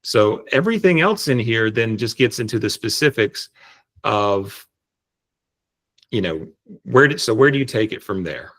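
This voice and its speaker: A man explaining step by step how to set up an AI voice agent, speaking on a video call in a relaxed, explanatory way. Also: lowish voice, a little slow. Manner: relaxed, explanatory, frequent restarts. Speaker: tutorial presenter. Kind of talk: screen-share software tutorial.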